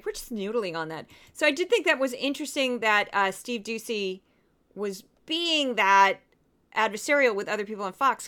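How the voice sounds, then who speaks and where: A woman's voice: fairly high pitch, a bit bright, clean tone. A woman from Missouri, hosting a podcast in a chatty, rambling, self-deprecating way. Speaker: podcast host. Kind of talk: casual commentary.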